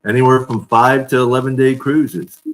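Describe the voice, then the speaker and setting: A man's voice: mid-range voice, level tone, moderate pace, fairly bright tone, low-quality recording. A man hosting a casual live-streamed fan chat, telling stories and laughing often over a video call. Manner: chatty storyteller, laughs often. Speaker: fan show host.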